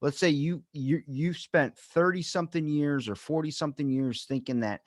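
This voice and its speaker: A man in casual podcast chat, rambling and animated, acting out quotes as he retells stories. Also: fairly high pitch, normal speed, few pauses, no room sound, clean studio sound.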